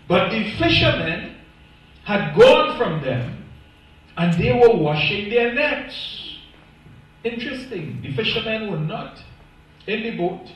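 A man preaching a sermon as pastor, emphatic and stressing single words, recorded from a distance in a church. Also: high voice. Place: church sanctuary. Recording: echoey church, voice from far off.

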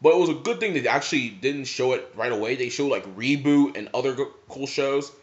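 A young male vlogger with a medium-pitched voice talks briskly, casually telling rambling stories about watching anime with his dad. His speech is full of "like" fillers, and the recording sounds slightly muffled.

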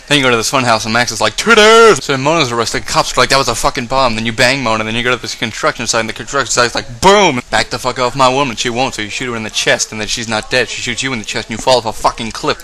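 A man's voice: medium pitch, pushed and bright, poor audio. A man giving a breathless, profane, offhand comedic recap of a game's story. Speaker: comedy video maker. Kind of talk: rapid comedic game recap.

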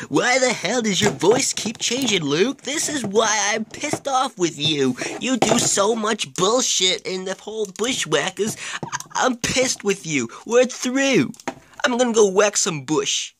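Man doing a whiny, quarrelsome wrestler with a strained, high voice; toy-wrestling comedy bit. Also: lively intonation, unhurried, a bit bright, slight background noise. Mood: fed up. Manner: complaining, quarrelsome. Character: bickering male tag-team wrestler, whiny and sore.

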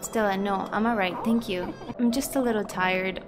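A woman streaming a cozy game, chatting excitably, laughing often and talking back to the characters. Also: mid-range voice, moderate pace, few pauses. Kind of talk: casual gameplay commentary. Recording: stream audio with background music. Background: soft background music.

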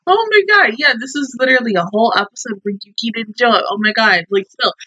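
A woman's voice: on the high side, fast, sharp tone, dry recording, low-quality recording. A young woman hosting an anime reaction review, talking casually and emotionally with many fillers.

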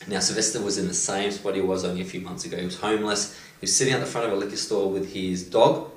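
Guy with a lowish voice doing a motivational story, lots of um and you know, roomy echo. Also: fast. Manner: animated retelling with frequent "you know" and "um". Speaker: motivational coach. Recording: roomy echo, distant mic.

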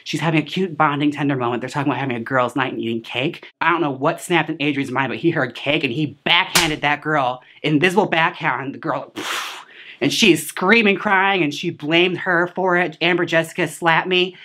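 A woman's voice: low-pitched, a little fast, fairly bright tone. A woman hosting a casual movie recap, chatty and sassy, full of filler words and side remarks. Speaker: host reviewing a film.

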